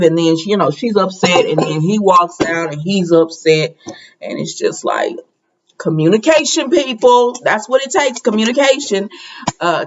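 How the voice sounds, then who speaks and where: A chatty woman talks through a soap opera episode, jumping into the characters' lines with a higher voice. The sound is slightly dull and lo-fi. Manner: chatty, acts out characters' lines with raised pitch. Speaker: soap opera recap host. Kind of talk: casual episode recap.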